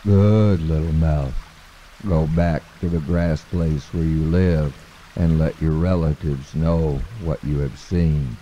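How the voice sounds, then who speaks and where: Man playing a calm, wise old frog. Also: rumbling low, muffled recording, slight background noise. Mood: approving. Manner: slow, calm and patient. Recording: long hall reverb.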